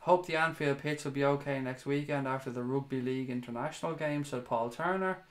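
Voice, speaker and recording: A man's voice: mid-range voice, a little fast. A young man hosting a fan livestream, reading viewer comments in a chatty, casual way, swearing and laughing at himself now and then.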